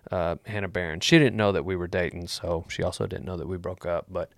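A man hosting a vlog, answering viewer questions in a rambling, deadpan joking chat. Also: sits low, quick pace, creaky, no room sound, clean studio sound. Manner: joking, deadpan, wandering asides.

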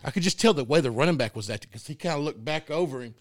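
Rapid-fire and slightly high-pitched, this man's voice comes through clean, with studio sound and no room noise. The Arkansas native co-hosts a relaxed sports talk podcast and coaches youth football, telling stories animatedly, laughing often, and restarting sentences.

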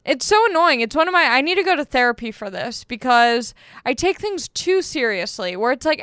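Chatty young woman with a smooth voice. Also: high-pitched, big pitch swings, fairly quick, a bit bright, dry recording, studio quality. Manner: chatty, self-deprecating storytelling. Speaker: comedian podcast host. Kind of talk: casual chat.

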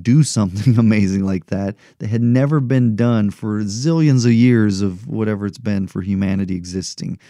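Earnest low-voiced man, mellow and dry. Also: normal speed, hardly any pauses, no room sound. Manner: earnest, encouraging, repeats rhetorical questions. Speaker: podcast host. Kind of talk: motivational podcast monologue.

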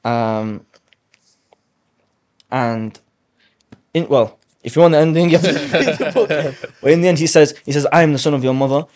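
A man as a guest speaker, telling a religious story in conversation with animated emphasis and Arabic phrases. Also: a little high, normal speed, long pauses.

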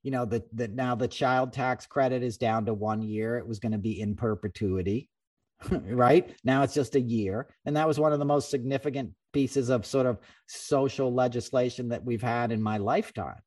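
A man hosting a podcast, talking politics in a loose, animated ramble. He swears freely and keeps restarting his sentences. He sits a little back from the microphone. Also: medium pitch, moderate pace, far from the mic. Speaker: podcast host. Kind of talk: casual political chat.

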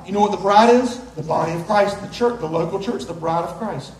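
High-voiced pastor in an echoey church. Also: male voice, a little fast, few pauses. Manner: folksy, playful, builds to loud emphasis. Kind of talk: sermon with live illustration. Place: church sanctuary. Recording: roomy church echo.

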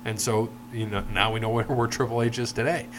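A man's voice: medium pitch, steady tone, fairly quick, noisy background. A middle-aged man hosting a casual podcast, telling long stories with a lot of swearing. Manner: rambling, profane storyteller. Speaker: podcast host.

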